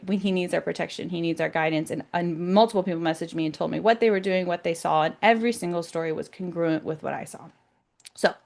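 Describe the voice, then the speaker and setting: Excited, emphatic woman talking to camera. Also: lowish voice. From United States. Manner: excited, emphatic, repeats words. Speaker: self-described psychic vlogger. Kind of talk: casual monologue to camera.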